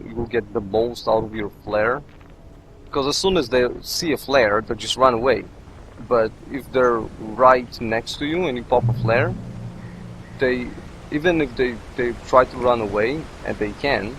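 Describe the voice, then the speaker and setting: A man's voice: mid-range voice, fairly bright tone, rough recording. Man, non-native english speaker, let's play commentary, rambling, jokey, talks to himself, faint hiss behind. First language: not English. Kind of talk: casual gameplay commentary.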